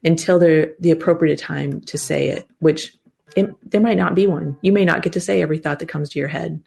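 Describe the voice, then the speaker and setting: A woman's voice: low voice, fairly quick, gravelly, slightly rough. A woman in her fifties, a guest therapist, explaining things animatedly in a casual interview. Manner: animated explaining, frequent restarts.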